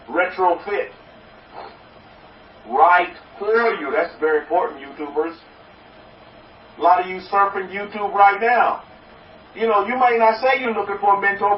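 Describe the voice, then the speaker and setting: A man's voice: sits high, slight background noise. Folksy preaching rabbi, a man heard from afar. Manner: repetitive, folksy, joke-telling, repeats a blessing refrain. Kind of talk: sermon. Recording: distant, roomy, dull recording.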